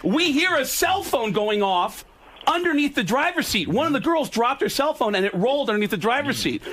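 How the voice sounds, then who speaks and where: A man telling a long, raunchy story on a talk show, acting out the voices in it and breaking into laughs and shouts. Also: very high-pitched, fairly quick, a little hiss or hum. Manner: animated, acts out quoted voices, laughing and shouting at the punchline. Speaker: guest storyteller.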